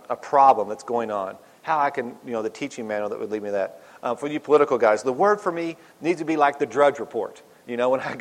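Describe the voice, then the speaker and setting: A man giving an informal devotional talk, rambling and chatty with lots of asides and self-mocking humor. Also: on the high side. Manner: rambling, chatty, with many "you know" asides. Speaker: speaker giving a church devotional. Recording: long hall reverb.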